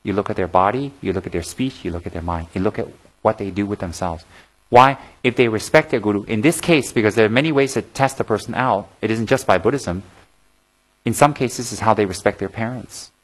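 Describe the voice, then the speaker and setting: Frank, lively Buddhist teacher with a lowish male voice. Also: fairly quick, poor audio. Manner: animated, humorous storytelling that acts out scenes; frank, plain-spoken teaching with repeated emphasis. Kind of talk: dharma talk.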